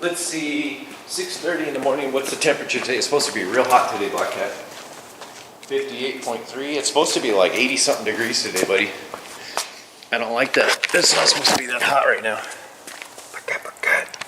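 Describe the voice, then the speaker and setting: A man's voice: mid-range voice, fast, background noise. A man chatting playfully to a feral cat in his workshop, with doting baby-talk. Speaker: vlogger talking to a feral cat. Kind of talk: casual chat to a pet.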